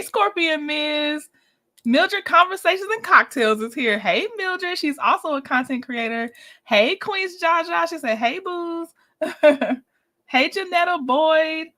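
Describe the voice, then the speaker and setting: Livestream host, woman, bright and somewhat high voice, chatty, laughs easily. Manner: chatty, greets viewers by name, laughs often. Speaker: livestream host reviewing a reality show. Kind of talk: casual livestream chat.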